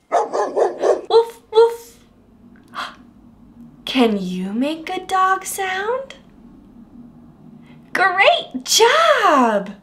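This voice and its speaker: A young adult woman teaching toddlers in an exaggerated sing-song way, with big gasps and drawn-out words. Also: very high voice, fairly bright tone, slight background noise. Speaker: children's speech educator.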